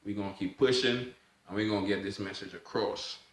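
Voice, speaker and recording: A man giving an impassioned personal monologue as an awareness advocate, fervent and repeating his phrases, swinging between loud and hushed. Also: fairly low pitch, fairly even intonation, a little fast, roomy sound, slight background noise. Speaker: sickle cell awareness advocate.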